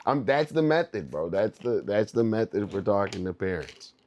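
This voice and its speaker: A man's voice: lowish voice, expressive, normal speed, darkish tone. A young man livestreaming in loose, rambling casual chat, laughing often and calling his viewers dude and bro.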